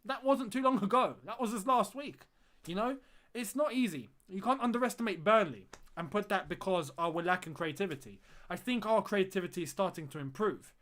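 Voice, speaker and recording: A young man with a notably high voice hosts a live-stream watchalong. He chats easily with his viewers, thanks them and reads out their comments, often saying a phrase twice for emphasis. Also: lively intonation, a little fast, a bit bright. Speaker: fan channel host.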